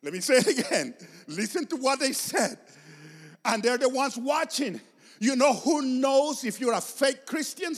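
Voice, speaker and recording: A man's voice: very high-pitched, lively intonation, unhurried. Passionate preacher man in a reverberant hall. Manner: passionate, emphatic preaching with repeated phrases. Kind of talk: sermon.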